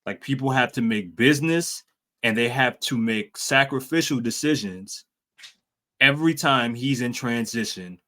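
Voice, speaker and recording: Podcast guy with a bright forceful voice, talks hoops, teases his buddy, gets loud and excited. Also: moderate pace. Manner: animated, teasing, breaks into high excited exclamations. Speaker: podcast co-host. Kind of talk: casual sports chat.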